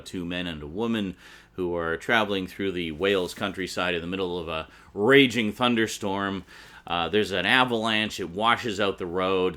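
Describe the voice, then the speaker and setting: A man's voice: low voice, a bit bright. A man giving a casual, enthusiastic movie review, chatty and full of ums and restarts.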